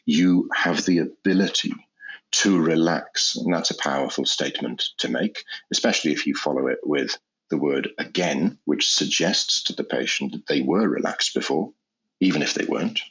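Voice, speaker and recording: A very low, gravelly male voice with a husky edge, heard over a dull, lo-fi recording. He is an anesthesiologist explaining his methods in a measured, careful way, often repeating a word as he restarts a sentence. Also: fairly bright tone. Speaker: anesthesiologist guest. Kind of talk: explanatory interview talk. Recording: dull lo-fi sound.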